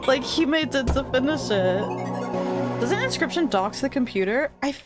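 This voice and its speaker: A woman's voice: high-pitched, expressive, moderate pace. A woman streaming a game, chatting loosely with lots of fillers and reading the game's text aloud. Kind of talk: casual gaming stream chat. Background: game music.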